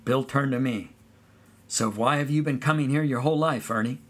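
A man narrating a first-person story of his boyhood at summer camp in a relaxed storytelling way. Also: mid-range voice, moderate pace. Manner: relaxed storytelling, sings song snippets.

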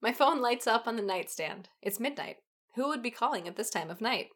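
A woman's voice: fairly high pitch, animated, a little fast, a bit bright. A woman co-hosting a comedy podcast, reading fan fiction aloud with dramatic flair and frequent giggles. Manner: giggly, breaks into laughter and off-key singing.

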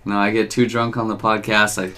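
Low-voiced man, crude laughing podcast host. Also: little pitch movement, fairly quick, pushed and bright. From Texas. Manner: profane, laughs often. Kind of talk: casual crude banter.

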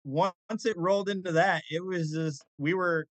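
A man's voice: sits high, fairly even intonation, measured pace, no room sound, poor audio. A man on a podcast, telling rambling stories in casual chat and often restarting his sentences. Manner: rambling, self-correcting storyteller. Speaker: podcast co-host.

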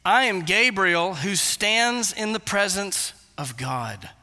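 A man voicing the archangel Gabriel as a solemn high-ranking messenger, with deliberate, weighty declarations during a sermon. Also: lively intonation, bright, forceful tone, long reverb tail, exaggerated voice. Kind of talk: sermon retelling with quoted lines.

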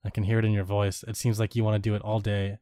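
A man's voice: fairly low pitch, completely flat delivery, quick pace, mellow, dry recording, clean studio sound. A man co-hosting a casual video game chat, teasing and agreeable, laughing easily. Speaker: video game podcast co-host.

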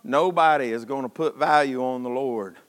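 A man preaching a sermon in a church, folksy and impassioned, swinging from shouts to hushed tones. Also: medium pitch, normal speed. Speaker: pastor. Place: church sanctuary. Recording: long hall reverb.

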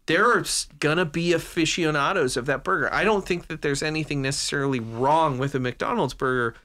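Bright-voiced man in casual movie chat. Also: on the high side, fairly quick. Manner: animated, swearing, laughing often. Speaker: podcast co-host.

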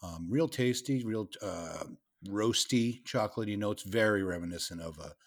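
A man from Worcester, Massachusetts, talks beer with his co-hosts. His voice sits very low, and he speaks in a relaxed, halting way, pausing often to find his words. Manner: relaxed, halting, lots of uh fillers. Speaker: podcast co-host. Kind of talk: casual chat.

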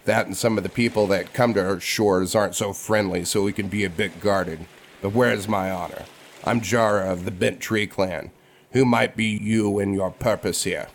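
A man's voice: on the low side, steady tone, slight background noise, close to an everyday voice. A man playing a courteous half-orc chief. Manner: formal, measured speech. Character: calm, courteous adult male half-orc clan leader.

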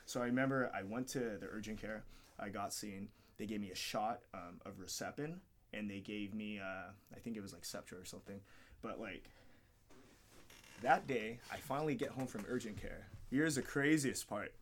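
On a podcast, a man who fights MMA is a guest sharing a long, rambling story about his own life. He's candid, curses a lot, and imitates what others told him, speaking on the low side at a moderate pace.

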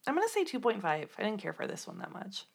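A woman's voice: mid-range voice, huge pitch swings, quick pace, gravelly, slightly rough. A woman co-hosting a podcast in casual chat, teasing and saying "like" a lot. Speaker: podcast co-host.

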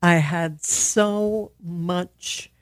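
A woman speaking slowly and gently on a podcast, sharing a simple self-love practice with long pauses. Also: on the low side, fairly even intonation, no room sound, studio quality. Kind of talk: reflective spiritual podcast talk.

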